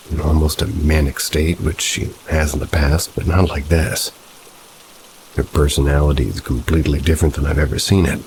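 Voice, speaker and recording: A man reading true paranormal stories aloud as a steady, low-key horror narrator. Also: background noise.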